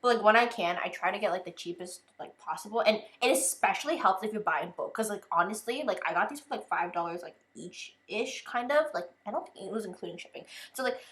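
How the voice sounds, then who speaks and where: A young woman chats through an unboxing in a loose, rambling way, with "like" dropped into almost every phrase. Her voice sits at an ordinary middle pitch. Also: quick pace, hardly any pauses, fairly bright tone. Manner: chatty, fills with "like" constantly. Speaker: vlogger. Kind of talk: casual unboxing chat.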